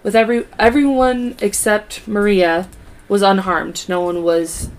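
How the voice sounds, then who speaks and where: A woman's voice: mid-range voice, fairly even intonation, measured pace. A woman co-hosting a podcast, reading a true crime case aloud in a casual way, stumbling over words and adding asides. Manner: reads from notes with stumbles and asides.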